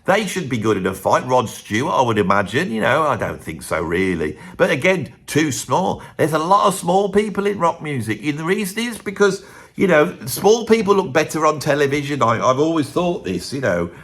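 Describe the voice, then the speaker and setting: A man's voice: on the high side, very animated, moderate pace, a bit bright. A man hosting his own channel, giving a rambling, chatty opinion monologue full of tag questions. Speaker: host.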